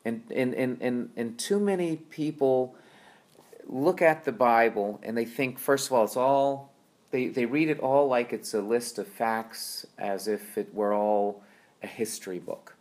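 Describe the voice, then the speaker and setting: A man's voice: mid-range voice, unhurried, a little mellow. A man explaining how to read scripture in an easygoing teaching talk, conversational and full of tag questions and fillers. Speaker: Bible teacher.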